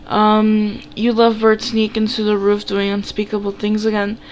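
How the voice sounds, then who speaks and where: A woman's voice: medium pitch, completely flat delivery, normal speed, darkish tone, a little hiss or hum, natural voice, poor audio. Woman reading a nosy, teasing schoolgirl from a story game; sly.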